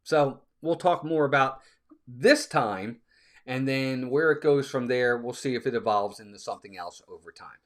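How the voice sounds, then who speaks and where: A man's voice: medium pitch, normal speed. A man hosting a casual live stream, chatting with viewers and reading out their comments. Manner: chatty, reads out viewer comments, sneezing fits.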